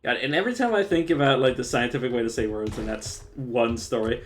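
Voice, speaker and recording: A young man rambles through a casual live-stream chat in a mid-pitched voice. His talk is loose and profane, full of restarts and fillers. He speaks into a desk mic. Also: fast.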